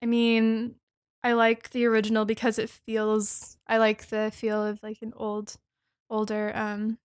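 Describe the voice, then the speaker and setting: A young woman describes a film slowly and hesitantly, leaning on fillers as she goes. Her voice is a bit high and quite flat in pitch, recorded dry and close. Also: clear, resonant tone, dry recording. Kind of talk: casual movie chat.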